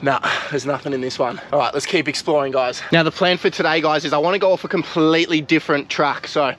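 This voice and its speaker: A young Australian man vlogging outdoors, talking excitedly and casually to his viewers, with plenty of slang. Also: on the high side, fast, a little hiss or hum. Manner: excitable, slangy, swears mildly, addresses viewers as guys. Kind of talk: casual vlog narration to camera. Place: outdoors in mangrove mud flats.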